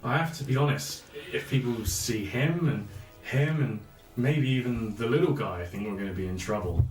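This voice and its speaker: A man playing a tabletop role-playing game, joking in an animated way. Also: mid-range voice, normal speed. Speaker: player. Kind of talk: casual chat at a game table. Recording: roomy sound from off-mic, music underneath.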